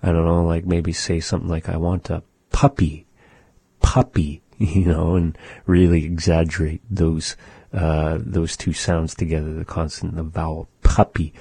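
Patient male language teacher, husky and dry, sounds things out. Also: low voice, completely flat delivery, dark tone, no echo. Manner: slow, patient, demonstrates sounds aloud. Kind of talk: radio language lesson.

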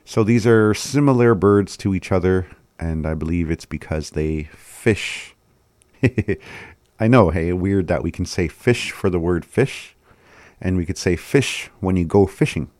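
A man with a very low voice gives a relaxed language lesson, breaking words into syllables and repeating them unhurriedly. He chuckles at himself often, and the recording is close and dry. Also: unhurried, dry recording. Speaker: language teacher.

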